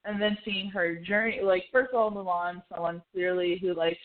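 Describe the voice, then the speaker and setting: A woman's voice: on the low side, fairly even intonation, normal speed. Gushing woman on a tinny line. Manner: gushing, emotional, lots of fillers and acted quotes. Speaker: podcast co-host. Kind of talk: casual podcast chat. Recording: tinny phone-like audio.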